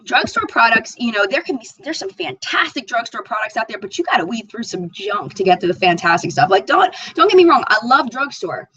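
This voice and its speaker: A woman's voice: a little high, big pitch swings, fairly quick, few pauses, bright, forceful tone, slightly rough, dull audio. A woman hosting a live makeup chat stream, reading viewer comments aloud and gushing over them. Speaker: beauty channel host.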